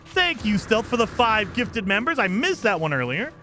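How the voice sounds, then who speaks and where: Male game streamer, rambling casual chat, highish pitch, very animated intonation. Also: measured pace, slight background noise. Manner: rambling, enthusiastic, thanks viewers for gifts.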